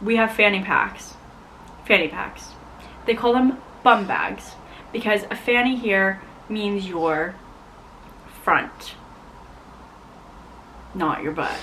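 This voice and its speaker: A young woman from the United States chatting casually to camera as a vlogger, animated and full of "like". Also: medium pitch, slow, long pauses, a little hiss or hum, low-quality recording. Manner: chatty, animated, heavy use of "like". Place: home in Scotland.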